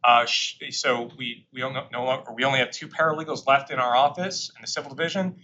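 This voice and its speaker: A government attorney with a steady, mid-range voice talks fast to a live audience of bankruptcy practitioners in a courtroom or meeting room. He's conversational and emphatic, with frequent fillers and side remarks, and the audio sounds pushed and bright, with cut-off highs and slight hiss or hum.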